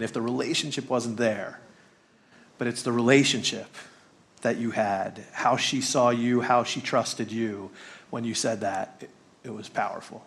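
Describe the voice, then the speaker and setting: A man's voice: medium pitch, fairly even intonation, normal speed, a bit bright. A man on a ministry panel, speaking in an emphatic, reflective way. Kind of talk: panel discussion.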